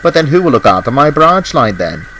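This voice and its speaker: Brief: man voicing a small, kindly male engine, pitched up, storybook tale. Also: big pitch swings, brisk, noisy background, close to an everyday voice. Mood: friendly. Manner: kindly, concerned. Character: friendly small male green tank engine.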